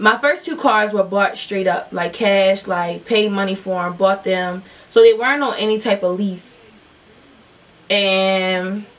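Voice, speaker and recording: A woman's voice: mid-range voice, recorded from a distance. A young woman telling a long, profane storytime while doing her makeup, rambling with lots of fillers. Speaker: beauty vlogger.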